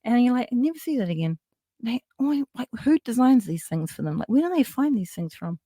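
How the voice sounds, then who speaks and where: A woman hosting a podcast, recapping wrestling matches in a casual, lively way, with frequent swearing and fillers. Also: on the high side, fairly quick, no room sound. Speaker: podcast host.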